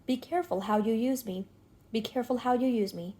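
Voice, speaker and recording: A woman voicing a destitute, menacing male stranger who speaks in low, urgent, threatening tones. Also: fairly quick, dark tone, natural voice.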